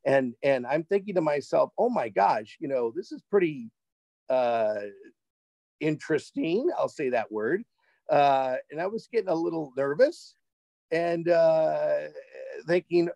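A man recounts a travel adventure as an interview guest, animated and repeating words in his excitement. His voice sits a little high and is gravelly with fry. It sounds dry and close, with no room echo. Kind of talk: casual storytelling.

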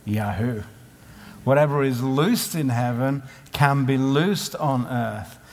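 A man's voice: medium pitch, slow. A man preaching at a conference in a conversational way, asking many rhetorical questions. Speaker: conference speaker. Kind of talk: sermon. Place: conference hall. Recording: live hall with long reverb.

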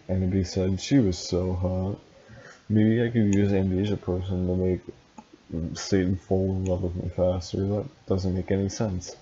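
A man with a low, dark voice reads a story in a flat monotone and cuts in with deadpan, mocking remarks. The recording is dull and lo-fi, with faint hiss underneath. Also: moderate pace. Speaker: reader and commentator. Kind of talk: comedic reading with sarcastic asides.

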